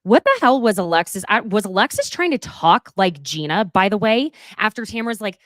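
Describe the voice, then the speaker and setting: A woman in her thirties co-hosting a casual recap chat, animated and profane, slipping into quick impressions of the people she talks about. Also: mid-range voice, no room sound, clean studio sound. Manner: animated, profane, mimics people with put-on voices. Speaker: podcast co-host.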